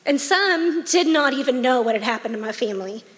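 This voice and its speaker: A woman's voice: high voice, animated, brisk, fairly bright tone. Emotional woman sharing a testimony in a church hall. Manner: emotional, heartfelt, casual. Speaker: church member giving testimony. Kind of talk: personal testimony.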